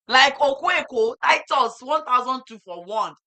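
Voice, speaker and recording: A middle-aged Nigerian woman hosting a farm talk show, telling lively stories and acting out market exchanges. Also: sits high, unhurried. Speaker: farm host. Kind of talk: casual chat.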